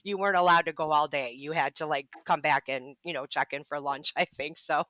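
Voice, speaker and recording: A woman tells her story on a podcast, candid and unfiltered, laughing often and swearing freely. Her voice is bright and forward. The sound is dry and close, with no room echo. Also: low voice, fairly even intonation, a little fast. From Ohio. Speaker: podcast guest. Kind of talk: casual storytelling.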